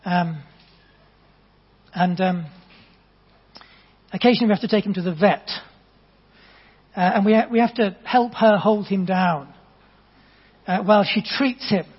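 Male preacher, earnest and conversational, high-pitched, long church-hall reverb, dull sound. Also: a little slow, long pauses, slightly rough. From England. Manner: earnest, storytelling, conversational with gentle asides. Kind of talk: sermon.

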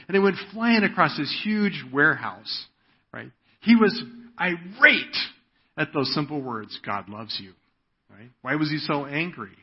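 A man's voice: medium pitch, breathy edge. A man preaching a sermon in an earnest way, often checking in with "right?". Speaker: pastor. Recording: dull lo-fi audio.

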